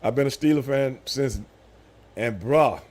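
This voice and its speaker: A man in his fifties chatting casually on a live stream, telling animated stories with loud voiced outbursts. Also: mid-range voice, unhurried. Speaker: streamer host.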